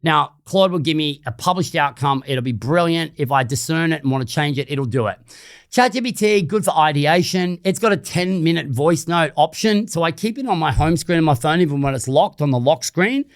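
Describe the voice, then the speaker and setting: A man's voice: a little high, lively intonation, a little fast. A man with an Australian accent hosting an unscripted solo podcast, talking casually and bluntly, with some swearing. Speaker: podcast host.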